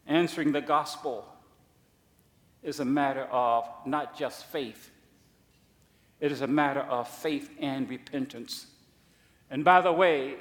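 A man preaching a sermon, emphatic, swinging between loud declarations and quiet asides. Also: mid-range voice, takes it slowly, pauses often, roomy sound, in a large hall.

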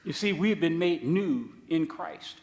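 A male preacher with a high voice delivers an emphatic sermon. He swings between loud declarations and quiet asides. His voice trails off in the long reverb of a church hall. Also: expressive, measured pace.

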